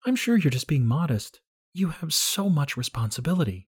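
Guy doing a soft sweet young woman voice, high and lilting, kinda husky. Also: sing-song, normal speed, no echo, clean studio sound, full character voice. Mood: gentle, curious. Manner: soft, melodic, raised pitch.

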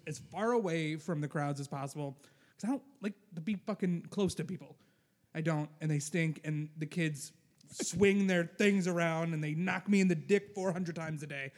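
A man's voice: a little high, moderate pace, big-room sound. A man as a podcast guest in casual chat, blunt and profane, grumbling about his dislikes.

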